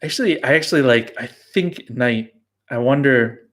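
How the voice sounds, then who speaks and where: Male beer blog host, casual rambler, mid pitch, laughs at himself a lot. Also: normal speed. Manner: rambling, self-mocking, laughs often. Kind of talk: casual rambling live stream. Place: home brew house.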